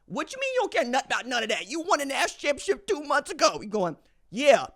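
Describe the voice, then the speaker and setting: A man with a high-pitched speaking voice delivers opinionated sports commentary as a podcast host. He talks in a slangy, emphatic way and hammers his points by repeating phrases. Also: huge pitch swings, very fast, sharp tone.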